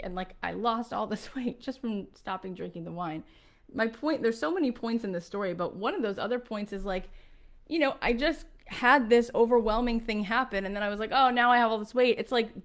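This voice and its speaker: Earnest woman in her forties sharing a story. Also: mid-range voice. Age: 40s. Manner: earnest and animated, with many fillers. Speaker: podcast host. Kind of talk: personal storytelling to an audience.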